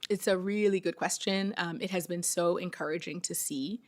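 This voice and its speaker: A woman testifying at a council hearing as a city health official, measured and earnest, with frequent ums. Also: on the low side.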